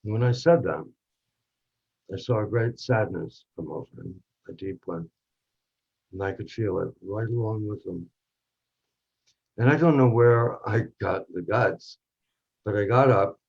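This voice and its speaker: A man in a workshop reading, playing a narrator who recalls a charged night with a film actor, telling it intimately and dropping to a hush at tense moments. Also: on the low side, vocal fry, slightly rough, full character voice. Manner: intimate, drops to hushed tones for tense moments. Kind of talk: dramatic monologue reading. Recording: dull lo-fi recording.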